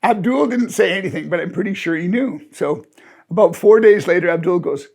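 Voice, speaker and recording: A man's voice: sits high, a little fast, creaky. A man in his sixties telling an amused, rambling personal anecdote in a chatty way. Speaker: storyteller. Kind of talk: casual anecdote.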